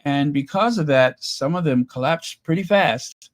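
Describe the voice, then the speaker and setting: A man hosting a casual livestream, chatting with viewers in a mocking, rambling way full of pauses and fillers. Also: on the high side. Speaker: channel host reading super chats.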